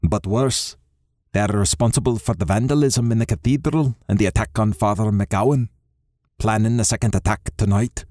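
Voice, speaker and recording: A man narrating a first-person audiobook in a steady, low-key way. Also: moderate pace, dry recording, clean studio sound.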